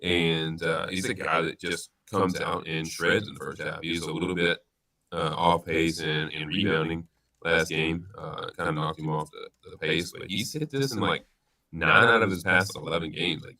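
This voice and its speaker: A man with a very low, bright and forceful voice talks through his betting picks on a stream. He rambles with plenty of fillers and restarts. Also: normal speed, rough recording. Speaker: sports betting show co-host. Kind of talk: casual sports betting chat. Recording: stream audio, sometimes robotic-sounding.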